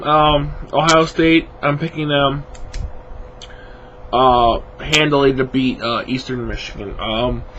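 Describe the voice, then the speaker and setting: A man's voice: a little high, noisy background. A man casually rambling through his football picks, tired and yawning, with lots of fillers and restarts. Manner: rambling, many fillers, self-correcting. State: sleepy, yawning. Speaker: sports vlogger making picks. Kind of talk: casual spoken predictions.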